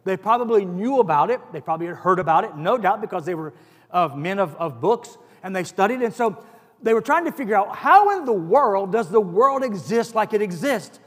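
A man's voice: high voice, expressive, brisk, fairly bright tone. A man preaching a sermon as pastor, earnest and building to emphatic stress on key phrases. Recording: long hall reverb.

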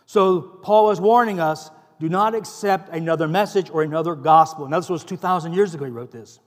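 A man's voice: a little high, a little fast. A man preaching a sermon as pastor, earnest and building to emphatic stress on key phrases. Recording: long hall reverb.

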